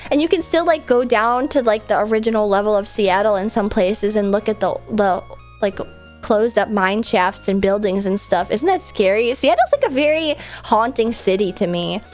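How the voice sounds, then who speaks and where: A woman's voice: mid-range voice, animated, normal speed, a little mellow, soft background music. A woman streamer chatting casually with a stuffy, congested nose, rambling and laughing often. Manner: rambling, filler-heavy, frequent laughs.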